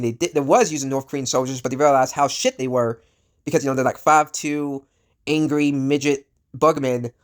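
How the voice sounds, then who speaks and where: A man who is sick and coughing, ranting in casual commentary. He rambles bluntly, with lots of fillers and swearing. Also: on the high side. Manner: rambling, full of fillers and restarts, blunt and profane. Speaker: vlogger.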